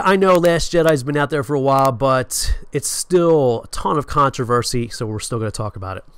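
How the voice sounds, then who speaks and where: Nasal guy hosting his show, sarcastic and self-mocking, pitch all over the place, dry close mic. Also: clear, resonant tone, no room sound. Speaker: show host. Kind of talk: casual comedic show hosting. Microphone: microphone on a stand close to the face.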